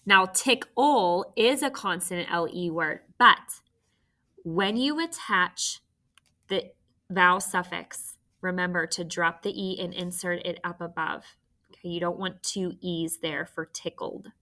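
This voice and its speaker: A woman teacher walks young students through a phonics spelling lesson. She speaks slowly, pausing to spell out letters one by one. Her voice is bright and forward. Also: on the low side. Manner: slow, careful dictation, spelling out letters.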